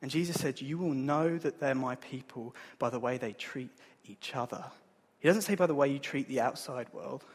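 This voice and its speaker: A man, preaching a sermon in an earnest, conversational way, with a husky voice. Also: medium pitch, normal speed. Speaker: pastor. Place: church hall. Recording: long hall reverb.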